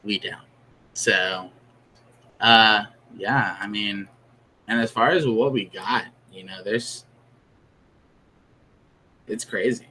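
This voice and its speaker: A man's voice: lowish voice, fairly even intonation, slow pace, pauses often, pushed and bright, slight background noise, rough recording. A man co-hosting a podcast, chatting casually and rambling with lots of fillers. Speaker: podcast co-host. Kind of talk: casual chat.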